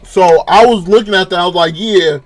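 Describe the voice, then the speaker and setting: A young man from California with a high voice talks fast, giving a rambling, profanity-heavy casual review of a TV episode. As the show reviewer, he retells events in an animated way.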